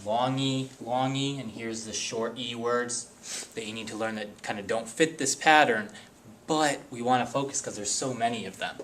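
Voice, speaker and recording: A man's voice: medium pitch, moderate pace, a bit bright, slight background noise. A man teaching a spelling lesson, explaining carefully and reading word lists one word at a time.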